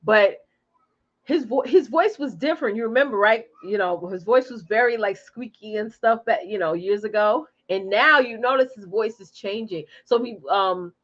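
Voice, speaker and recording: A woman's voice: mid-range voice, moderate pace, highs cut off. A woman in her forties chatting casually from home, reading out viewer comments and talking straight to them. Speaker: live stream host. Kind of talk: casual chat with live viewers.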